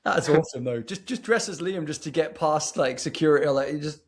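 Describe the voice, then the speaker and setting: A man's voice: fairly high pitch, brisk, breathy edge. A man co-hosting a casual chat and teasing the guest playfully, a little distant from the mic.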